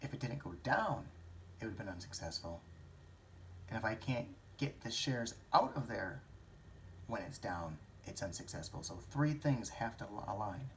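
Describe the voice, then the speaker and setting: A man's voice: lowish voice, big pitch swings, normal speed, a bit bright, a little hiss or hum. A man thinking aloud about a stock trade in a rambling, self-questioning way, with some swearing. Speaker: stock trading vlogger. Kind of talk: thinking-aloud market commentary.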